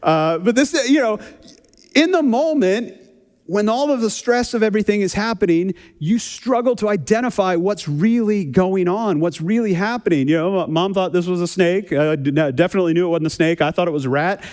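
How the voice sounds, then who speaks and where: A man preaching a conversational sermon, telling a funny personal story in a relaxed, chatty way and often repeating words as he restarts. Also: high-pitched, moderate pace. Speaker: pastor. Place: church sanctuary. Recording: long hall reverb.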